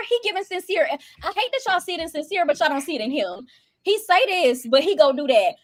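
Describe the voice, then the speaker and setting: Brief: high-voiced woman reviewer, heated and profane, quick delivery. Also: very animated, no room sound, clean studio sound. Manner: fast, heated, profane, acts out quotes. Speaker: reality show reviewer. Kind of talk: casual ranting commentary.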